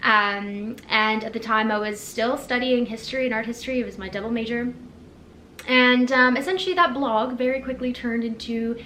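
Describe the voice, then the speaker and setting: A woman's voice: a little high, normal speed, sharp tone. A woman in her twenties talking candidly to the camera in a casual vlog, reflective and sprinkled with fillers. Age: 20s. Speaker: vlogger. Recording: echoey with faint background noise.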